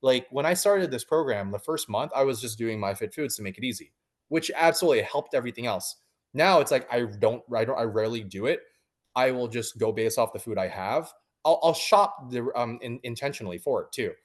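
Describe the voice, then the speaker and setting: Guy in his 30s rambling about his habits, lots of likes and restarts, mid pitch. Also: animated, brisk. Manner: rambling, many fillers and restarts. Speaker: coaching client. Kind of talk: casual interview chat.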